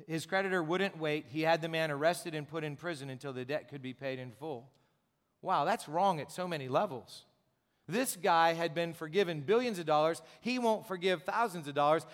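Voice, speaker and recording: A man's voice: fairly high pitch, moderate pace, a bit bright. A man preaching a sermon as a pastor, talking conversationally with rhetorical questions and repeated words. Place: church sanctuary. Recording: long church reverb.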